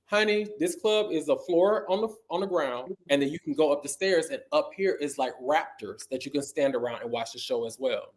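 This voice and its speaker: A middle-aged man telling stories in a casual interview, animated and sassy, acting out quotes. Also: a little high, normal speed, hardly any pauses. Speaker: guest.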